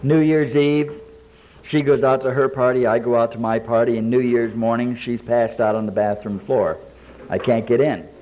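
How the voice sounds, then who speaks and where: In a meeting room with a live audience, a man delivers his personal recovery story flatly at a moderate pace. His mid-range voice is darkish, his plain talk laced with quoted dialogue and dry jokes, and a little hiss or hum is audible.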